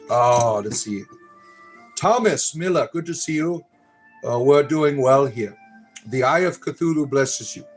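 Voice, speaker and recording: A middle-aged man hosting a livestream, casually chatting and reading viewer comments in a joking, rambling way, often tagging his lines with "right?". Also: mid-range voice. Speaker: livestream host.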